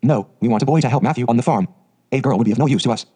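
Guy doing a stern no-nonsense farm lady, curt and a bit higher, quick storybook read. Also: breathy edge, natural voice. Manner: curt, sharp, matter-of-fact. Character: stern, unsympathetic middle-aged farm woman.

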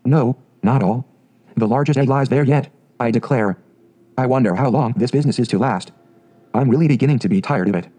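Fussy mother duck, prim and fretful, mellow and low-key, read by a man. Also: a little fast, husky, close to an everyday voice.

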